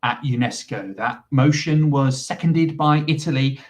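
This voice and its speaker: A man's voice: mid-range voice, unhurried, far from the mic. A man giving live commentary on a proceeding and explaining what is happening while he waits for it to move on. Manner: explanatory, filling time while waiting. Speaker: livestream commentator.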